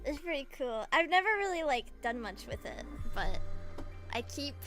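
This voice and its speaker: Squeaky high young streamer girl, bright tense voice, giggly rambly chat, faint music behind. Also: sing-song, normal speed. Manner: giggly, gushing, rambling with many "like"s. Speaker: VTuber streamer.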